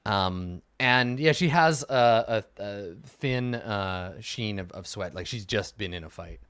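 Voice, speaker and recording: Low-voiced male game master. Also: expressive, takes it slowly, fairly bright tone, smooth, no echo. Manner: hesitant, full of fillers. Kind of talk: narrating a tabletop game.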